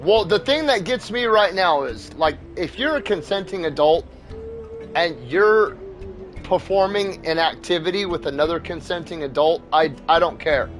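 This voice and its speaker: A man's voice: sits high, normal speed, a bit bright, faint music behind. A young man and father hosting a gaming video, ranting in a heated, profane, blunt way. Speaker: gaming channel host. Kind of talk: ranting commentary over gameplay.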